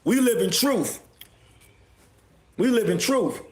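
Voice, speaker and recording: High-voiced man ranting on a livestream. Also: very animated, takes it slowly. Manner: repetitive, confrontational, bursts of shouting. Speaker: livestream host. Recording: echoey room.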